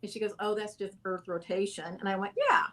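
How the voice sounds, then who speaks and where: A woman's voice: mid-range voice, fairly even intonation, brisk, fairly bright tone. A woman guest in a casual interview, telling a long story in a rambling way, correcting herself and laughing often.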